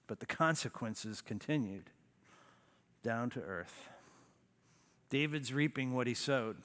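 Guy preaching a sermon, punchy emphasis then goes quiet and low, long church reverb. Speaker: pastor.

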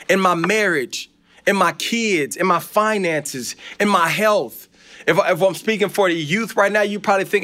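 A man's voice: high voice, moderate pace, pushed and bright. A man preaching a sermon in a conversational, encouraging way with playful asides.

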